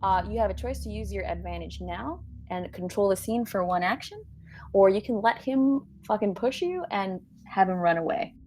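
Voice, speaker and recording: A woman's voice: mid-range voice, expressive, normal speed, darkish tone, a little hiss or hum. Woman narrating as game master. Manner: descriptive narration with fillers.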